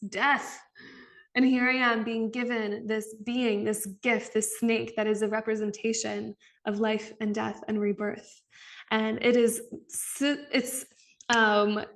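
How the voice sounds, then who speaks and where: A woman in her twenties hosting a spiritual podcast, talking candidly and emphatically with many "like" fillers. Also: a little high. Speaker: podcast host. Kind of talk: casual spiritual monologue.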